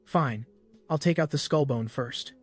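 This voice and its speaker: A man's voice: mid-range voice, measured pace, breathy edge, soft background music. A man doing a bored sadistic villain. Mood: cold taunting. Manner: cold, nonchalant taunting. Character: cruel arrogant male villain, bored and sadistic.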